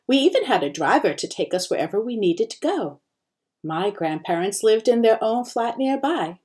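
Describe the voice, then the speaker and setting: A teacher reading the first chapter of a children's novel aloud, with expressive storytelling. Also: female voice, on the high side, normal speed. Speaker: teacher sharing books.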